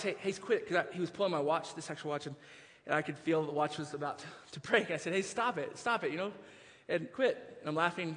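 A man preaching a sermon with a high, bright, ringing voice. He moves between hushed storytelling and impassioned, near-shouted preaching. The sound carries the long reverb of a large hall. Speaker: pastor.

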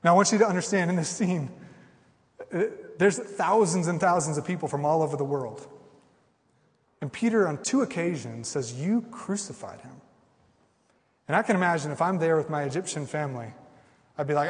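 A man preaching a sermon with passion, jumping from loud outbursts to hushed, quiet asides. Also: on the high side, animated, moderate pace, pauses often. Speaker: pastor. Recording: long hall reverb.

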